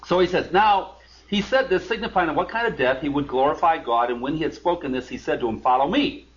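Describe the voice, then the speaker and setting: A man's voice: fairly high pitch, lively intonation, fast talker. A man teaching a Bible study, reading scripture aloud and breaking in with emphatic asides. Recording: lo-fi recording.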